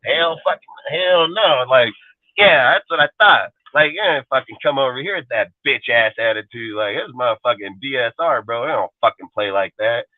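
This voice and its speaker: A man's voice: medium pitch, lively intonation, brisk, no room sound. A sports talk show host, a man, ranting in an aggressive, profane and defiant way during a live show. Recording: tinny phone-like dry line.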